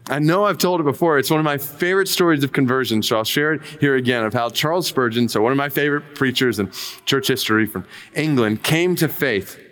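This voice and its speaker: A man's voice: medium pitch, fairly quick, a bit bright. A male pastor preaching a sermon, retelling a conversion story with impassioned emphasis. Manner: impassioned storytelling, reads quotes aloud with rising emphasis.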